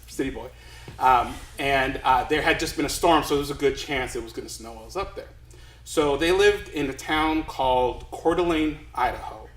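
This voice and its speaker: A man's voice: mid-range voice, fairly bright tone, roomy sound, slight background noise, poor audio. A man from Los Angeles telling a comic story to a live crowd, chatty and self-deprecating, rambling along. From Los Angeles, USA.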